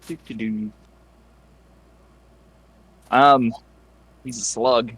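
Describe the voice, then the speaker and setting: A man running an online tabletop game as game master, relaxed and easygoing in his rulings. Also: lowish voice, slow, breathy edge, no room sound, rough recording.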